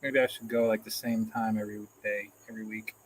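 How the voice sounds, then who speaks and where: A man's voice: lowish voice, flat delivery, fast, a little hiss or hum, low-quality recording. A man hosting a casual live stream, reading out comments in a rambling, self-deprecating way and chuckling often, into a phone camera. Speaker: livestream host.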